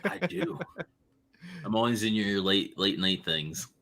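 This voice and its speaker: A man co-hosting a casual gaming chat, blunt and quick to swear. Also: on the low side, sing-song, vocal fry, pushed and bright. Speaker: co-host.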